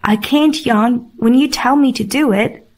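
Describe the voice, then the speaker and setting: A woman reads a curious, tired young prince in a slow storybook, his questions pitched up high. The delivery stays simple and unhurried. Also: darkish tone. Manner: asks questions, raised pitch.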